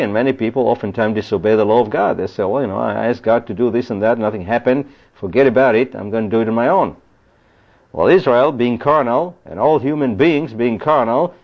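Earnest guy preaching a bible study, mid-pitched voice, keeps saying "you see", dull lo-fi recording.

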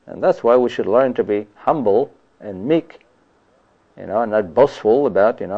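A man's voice: on the low side, lively intonation, normal speed, slightly rough, dull audio. A man giving a conversational sermon on scripture, often adding "you see" and "you know". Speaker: preacher.

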